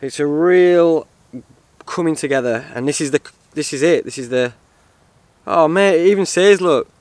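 A man chatting to camera in a casual vlog, excitable and rambling. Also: fairly high pitch, moderate pace, no room sound. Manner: excitable, rambling, swears and laughs often. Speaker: outdoor vlogger.

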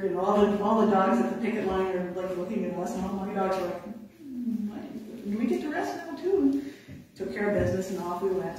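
A woman's voice: medium pitch, darkish tone. A woman conservation officer with an Upper Midwest American accent, chatting animatedly through a story and acting out quotes. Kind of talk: storytelling in an interview. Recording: echoey room, distant mic.

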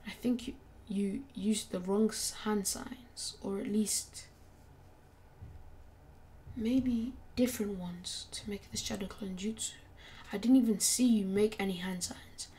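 A woman voicing a patient adult male ninja teacher who gives measured instructions in a casual fan story reading. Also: mid-range voice, fairly even intonation, mellow, slight background noise, close to an everyday voice. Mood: instructing.

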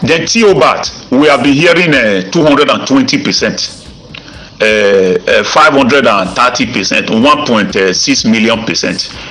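A man's voice: medium pitch, lively intonation, sharp tone, rough recording. Nigerian man in a threatening voice-note rant. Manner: threatening, repetitive, with halting restarts and filler sounds. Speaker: self-styled evangelist and grant campaigner.

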